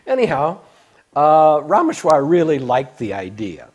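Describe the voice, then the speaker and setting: An older man casually recounting a personal memory, rambling with frequent restarts, stammers and soft laughs. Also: a little high, lively intonation, unhurried, long pauses. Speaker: devotee recalling memories. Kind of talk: casual storytelling.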